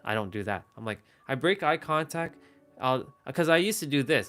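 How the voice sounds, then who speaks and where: A man's voice: medium pitch, lively intonation, moderate pace, pushed and bright, faint music behind. A man hosting a live stream, talking casually and rambling with many restarts, speaking to the camera. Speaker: livestream host. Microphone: phone or webcam, facing camera.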